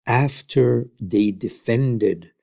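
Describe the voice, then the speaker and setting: A man retelling Bible stories in an informal, unhurried way, adding his own comments and Hebrew phrases, recorded on a close mic in a quiet room. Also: medium pitch, creaky, dry recording. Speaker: Bible teacher.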